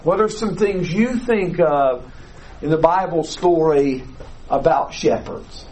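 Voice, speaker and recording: Slow, high-voiced male Bible teacher. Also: darkish tone, poor audio. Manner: deliberate, explanatory, asks the class questions. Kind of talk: classroom Bible lesson.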